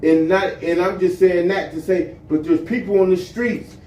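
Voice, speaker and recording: High-voiced, blunt podcast guy in echo. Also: steady tone, normal speed, dark tone, distant mic. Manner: blunt, argumentative, swears freely. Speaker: podcast co-host. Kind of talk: casual chat. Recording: roomy echo, off-mic, faint hiss.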